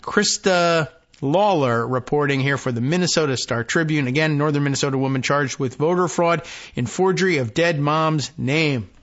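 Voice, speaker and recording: A man's voice: mid-range voice, fairly bright tone. A man hosting a political podcast, reading news aloud with dry, wry asides and trailing "I don't know"s. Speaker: podcast host. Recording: slightly dull lo-fi audio.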